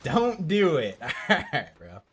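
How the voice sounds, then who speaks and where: Young man, headset mic, casual streamer chatter, lively up-and-down pitch. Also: slow pace. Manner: chatty, reads out and answers chat. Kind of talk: casual live-stream commentary.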